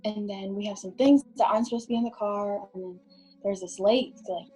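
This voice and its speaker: A young woman tells her story as a podcast guest. Her voice is warm and mellow, and she talks loosely with plenty of fillers. A faint bed of music sits under her. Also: mid-range voice, fairly even intonation, a little fast. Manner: vivid storytelling with many fillers. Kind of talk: casual storytelling.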